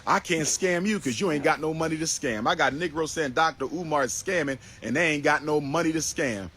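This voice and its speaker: A man rants on his livestream in a mocking tone and repeats the same points over and over. His voice sits a little above average in pitch. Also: a little fast, bright, forceful tone, husky. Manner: mocking, repetitive. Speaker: livestream talker. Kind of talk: livestream rant.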